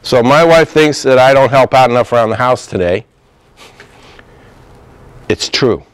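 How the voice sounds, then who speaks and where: A man's voice: medium pitch, a little slow, smooth, no room sound. A middle-aged man, a therapist, giving an informal talk on communication and acting out bits of dialogue with laughs. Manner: conversational, acts out dialogue with laughs.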